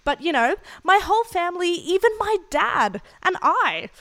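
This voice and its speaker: A young Australian woman telling frank, animated stories in a casual podcast chat. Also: very high-pitched, normal speed, no room sound. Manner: frank, animated storytelling with laughs. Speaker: podcast co-host.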